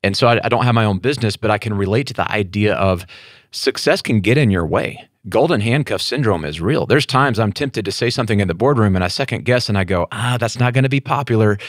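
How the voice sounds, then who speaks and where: Earnest, low-voiced middle-aged male host. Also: lively intonation, fast, dry recording, clean studio sound. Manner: thoughtful, earnest, restarts phrases. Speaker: interview host. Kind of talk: conversational interview.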